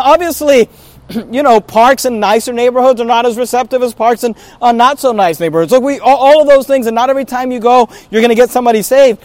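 A man's voice: high voice, no echo. A pastor delivering a sermon to his congregation, emphatic, with repeated phrases and frequent restarts.

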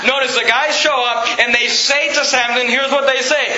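A male preacher gives a sermon in a church, reading scripture aloud and unpacking it in plain talk with frequent self-corrections. His voice is high and bright. The recording is muffled and lo-fi, with an echo that fills the room. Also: fairly even intonation. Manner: halting restarts and self-corrections. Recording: echoey, dull lo-fi room recording.

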